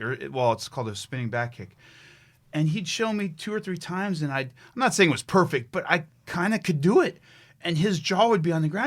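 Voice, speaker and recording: A middle-aged American fitness trainer, appearing as a podcast guest, tells a story with a fairly high, expressive voice at a brisk pace. He is animated and emphatic, restarting his sentences often.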